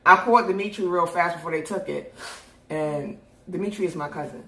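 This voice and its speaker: Animated, cussing young New woman. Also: on the low side, brisk, a little hiss or hum. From New York. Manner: animated, profane, laughs often. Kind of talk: casual storytelling. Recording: roomy echo.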